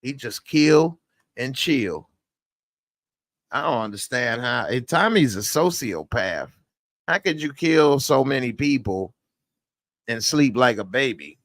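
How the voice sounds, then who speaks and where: A man casually reviewing a TV episode in a vlog, animated and laughing often. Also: mid-range voice, takes it slowly, pauses often, no echo. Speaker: TV show reviewer.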